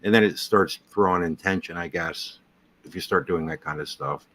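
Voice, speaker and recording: A man with a deep, low-pitched voice talks casually. He asks curious beginner questions and often restarts his sentences as he works through an idea. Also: moderate pace, a bit bright. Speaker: host. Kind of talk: casual chat.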